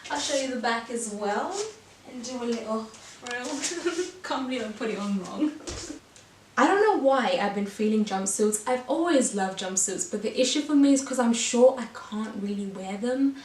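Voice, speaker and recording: A woman's voice: on the high side, animated, normal speed, a little hiss or hum. A woman vlogger trying on clothes and chatting casually, bubbly and giggly, a little out of breath. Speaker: fashion vlogger. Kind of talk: casual haul try-on chat. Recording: echoey room, voice from a distance.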